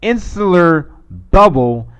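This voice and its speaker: A man's voice: sits high, expressive, slow pace, clear, resonant tone. A man hosting a live stream, commenting in a rambling, casual way over a clip he plays. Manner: rambling, restarts, mocking put-on voices. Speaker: live stream host reacting to videos.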